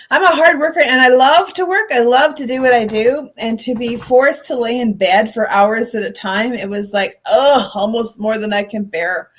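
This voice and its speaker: A woman's voice: on the high side, moderate pace. A middle-aged woman co-host, talking candidly and emotionally in a casual chat.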